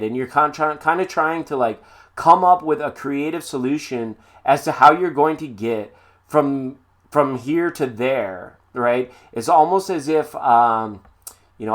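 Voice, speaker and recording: A man doing a live-stream tarot reading in a chatty, playful way with sing-song asides. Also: medium pitch. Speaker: tarot reader.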